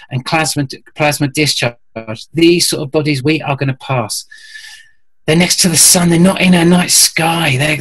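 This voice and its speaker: A man's voice: on the high side, a bit bright, rough recording. A man talking as a guest on a call-in show, earnest and rambling, restarting his sentences often. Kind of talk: conversational call-in chat.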